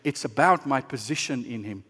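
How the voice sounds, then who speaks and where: A man preaching a sermon as pastor, earnest and shifting between hushed and impassioned delivery. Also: medium pitch, normal speed, husky, long reverb tail.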